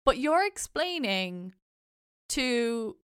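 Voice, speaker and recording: A woman's voice: fairly high pitch, very animated, extremely slow, fairly bright tone, clear, resonant tone, dry recording, clean studio sound. A woman co-hosting a podcast, chatting about a film in a rambling, casual way. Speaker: podcast co-host. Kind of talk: casual movie review chat.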